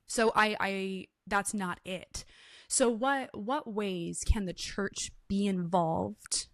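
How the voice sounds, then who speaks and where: A woman hosting a faith podcast, telling personal stories with animated acted-out quotes in a casual chat. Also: medium pitch, takes it slowly, no echo, clean studio sound. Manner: animated storytelling, acts out quotes in lively voices. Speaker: podcast host.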